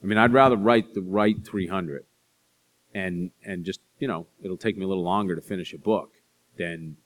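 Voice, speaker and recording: A middle-aged man, an author, answering audience questions with chatty, self-deprecating stories and quick asides. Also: low voice, fairly even intonation. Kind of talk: live Q&A storytelling.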